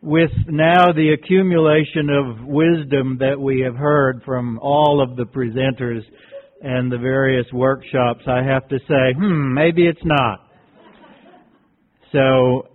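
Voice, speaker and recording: A man presenting at a workshop, giving a reflective lecture and telling a teaching story in a measured, deliberate way. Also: mid-range voice. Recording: tinny phone-like recording.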